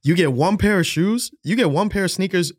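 Young Bronx guy, New York accent, swears freely, laughs a lot, slightly high voice. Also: animated, brisk, slightly rough, no room sound, studio quality. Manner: slangy, profane, laughs often. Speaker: guest. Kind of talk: casual chat.

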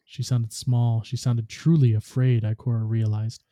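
A podcast host reads a story aloud in a steady, even way. His voice is very dark and heavy, and the recording is dry and close. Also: mid-range voice, unhurried, no room sound.

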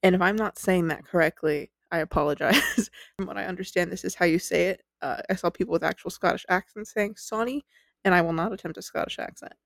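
A woman hosts a podcast in a chatty, giggly way, poking fun at herself as she tells the story. Her voice sits a little low and carries a gravelly fry. It is recorded close and dry, with no room sound. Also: brisk, a bit bright, no room sound. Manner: chatty, giggly, self-deprecating. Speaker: podcast host.

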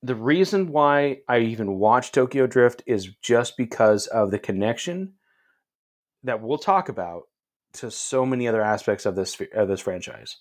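A man co-hosting a casual podcast, talking in an animated way, laughing often and restarting his sentences. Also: medium pitch, normal speed. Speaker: podcast co-host. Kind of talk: casual chat.

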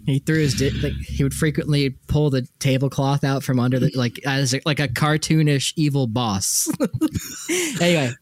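A man's voice: medium pitch, steady tone, normal speed, dry recording. A man co-hosting a casual podcast, joking and rambling with many laughs, on a close mic. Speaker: podcast co-host.

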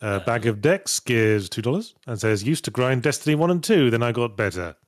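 A man with a dry, sardonic delivery reads out listener messages on a casual podcast. His voice sits at a middle pitch and is recorded close up in a dead, dry space. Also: lively intonation, fairly quick, no room sound. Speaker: podcast host reading superchats. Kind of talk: casual chat.

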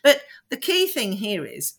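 A woman parenting coach giving advice as a podcast guest, assertive and animated, acting out quick examples. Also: medium pitch, husky.

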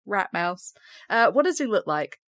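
A woman hosting a casual podcast, upbeat and quick to giggle as she reads out facts. Her voice sits at a middle pitch. The recording is dry and close. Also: very animated, a bit bright, dry recording. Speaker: podcast host. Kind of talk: casual chat presenting facts.

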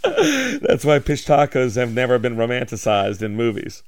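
A man's voice: mid-range voice, huge pitch swings, moderate pace, no echo. A man co-hosting a podcast in casual chat, cutting in with teasing banter. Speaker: podcast co-host.

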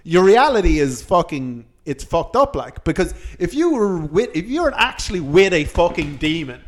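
High-voiced man telling a story. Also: big pitch swings, moderate pace. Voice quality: swears freely, tells anecdotes with acted-out quotes. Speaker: podcast host. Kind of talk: casual storytelling chat.

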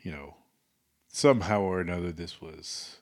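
A man co-hosting a casual podcast chat, rambling and laughing, often trailing off into quiet asides. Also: low-pitched, moderate pace. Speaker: podcast co-host.

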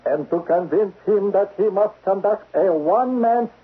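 A man playing a cold, menacing foreign spy chief in a 1970s radio drama, clipped and husky. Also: sits high, moderate pace. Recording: dull lo-fi radio broadcast.

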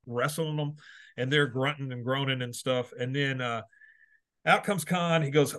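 A man's voice: medium pitch, a bit bright, clear, resonant tone. A man hosting a casual podcast, retelling cartoon scenes and quoting lines, hesitant with many fillers. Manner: reads out quotes in quick bursts, hesitant with many uhs. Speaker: podcast host recapping a cartoon episode.

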